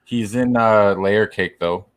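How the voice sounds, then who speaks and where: Teasing, low-voiced male co-host. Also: slow pace, smooth. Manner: teasing, playfully argumentative. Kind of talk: casual panel chat.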